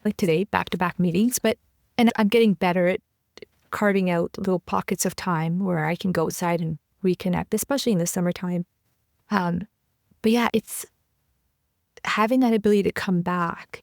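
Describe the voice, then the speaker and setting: A woman's voice: fairly low pitch, creaky, darkish tone, no room sound, clean studio sound. A woman hosting a podcast interview, affirming her guest and sharing personal anecdotes. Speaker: podcast host. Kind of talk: casual interview chat.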